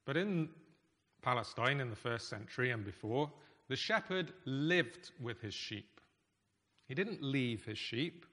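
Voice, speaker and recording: A man preaching a sermon in a conversational, emphatic way, with pauses. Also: mid-range voice, expressive, sharp tone. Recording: echoey hall reverb.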